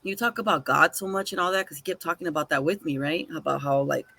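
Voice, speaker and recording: A woman's voice: low voice, fast, vocal fry, husky. A woman co-hosting a podcast, telling a story in casual chat, acting out both sides of the dialogue and swearing casually. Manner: animated, swears casually, acts out quoted dialogue. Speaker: podcast co-host.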